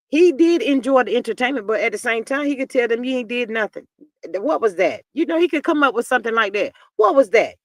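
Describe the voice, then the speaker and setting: A livestream host chatting casually and sassily about celebrity gossip, reading out viewer comments and peppering the talk with "child" and drawn-out "mm, mm". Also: high-pitched, dry recording, studio quality. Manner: chatty, sassy, reads viewer comments aloud.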